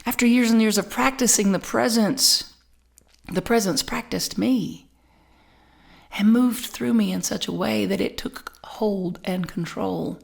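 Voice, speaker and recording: A woman's voice: mid-range voice, measured pace, creaky. Middle-aged woman minister telling a story. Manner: animated personal storytelling with many repeats and restarts. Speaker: spiritual community minister. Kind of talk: sermon.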